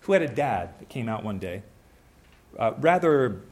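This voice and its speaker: A young man preaching a sermon in a conversational way, acting out little scenes with quick changes of voice. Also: mid-range voice, very animated, a little mellow.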